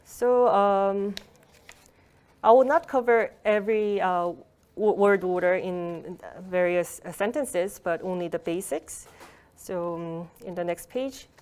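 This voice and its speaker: A woman's voice: mid-range voice, steady tone, slow, darkish tone, clear, resonant tone. Patient woman lecturing over a video call. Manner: patient explaining, with fillers and occasional laughs. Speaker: Korean language lecturer. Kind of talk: online workshop lecture.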